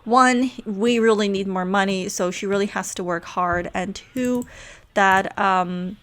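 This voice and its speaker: A woman's voice: medium pitch, unhurried, fairly bright tone. A woman hosting a casual gameplay video, talking in a rambling, chatty way full of fillers. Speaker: game video host.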